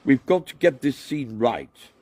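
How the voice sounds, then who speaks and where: A man voicing an excitable actor who keeps instructing and scolding a cat, in a raised, loud voice. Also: medium pitch, measured pace, slightly rough, voice pushed up. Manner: loud, exasperated. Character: excitable male actor directing a cat scene.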